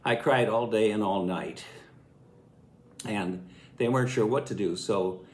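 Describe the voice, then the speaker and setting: A man's voice: fairly low pitch, measured pace, a little hiss or hum. Elderly man telling a folksy tale. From Illinois, USA. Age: 80s. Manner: folksy, chuckling, lively storytelling. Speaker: storyteller recalling childhood. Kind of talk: casual spoken memoir. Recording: echoey room.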